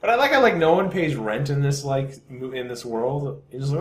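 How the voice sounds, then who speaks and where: Male co-host, animated and playful, recorded in an echoey room. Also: medium pitch, fairly quick, few pauses. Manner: animated, acts out characters in quotes. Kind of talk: casual chat. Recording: echoey room with faint noise.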